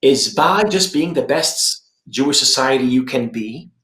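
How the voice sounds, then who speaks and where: An Israeli man speaking on a conference panel, emphatic and lively, repeating his points for effect. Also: mid-range voice, unhurried, roomy sound, poor audio. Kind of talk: animated panel discussion. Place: room in Jerusalem.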